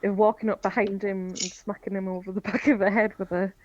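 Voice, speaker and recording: A woman's voice: mid-range voice, little pitch movement, fast. A woman playing a tabletop game, blunt and amused. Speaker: player. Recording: slightly dull sound.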